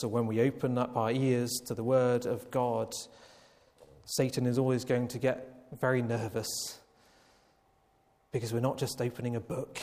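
Slow emphatic preacher in an echoing hall. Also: male voice, mid-range voice, a little mellow. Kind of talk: sermon. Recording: long reverb of a church hall.

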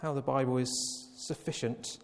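Slow emphatic preacher in an echoing hall. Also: male voice, medium pitch, steady tone, creaky, a little hiss or hum. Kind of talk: sermon. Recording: long reverb of a church hall.

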